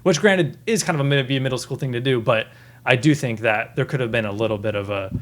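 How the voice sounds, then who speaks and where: Thirties male podcast host, earnest and rambling, average pitch, casual film talk. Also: quick pace. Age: 30s. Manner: rambling, many restarts and fillers, earnest. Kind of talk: casual review chat.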